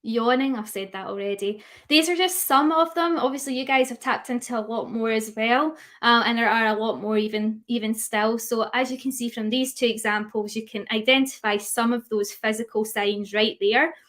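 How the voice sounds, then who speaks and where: Young woman, slightly high voice, chatty webinar teacher who quizzes the audience and reads out their answers. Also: moderate pace, few pauses, fairly bright tone. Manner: chatty, asks the audience questions, reads out chat replies. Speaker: dog grooming educator.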